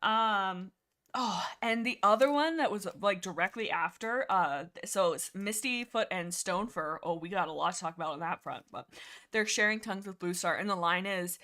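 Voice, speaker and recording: Bright, rambling young woman streamer. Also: medium pitch, moderate pace. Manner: rambling, giggly, lots of fillers. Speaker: livestream host. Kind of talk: casual book-discussion livestream.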